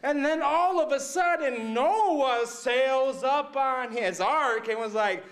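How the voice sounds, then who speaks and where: A rambling, mixed-up storyteller, played by a man with a high voice who talks slowly and drags out his words. He is excitable and keeps checking in with his young listeners. It plays as a comic children's Bible skit. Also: heavily acted. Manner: rambling, excitable, fills with "right?" and "okay?". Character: rambling, mixed-up male storyteller retelling Bible stories to kids.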